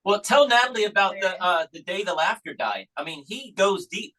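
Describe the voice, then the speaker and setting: A man's voice: high-pitched, animated, a little fast, pushed and bright, low-quality recording. A male podcast host asking rambling questions in casual chat. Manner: rambling, restarts his questions.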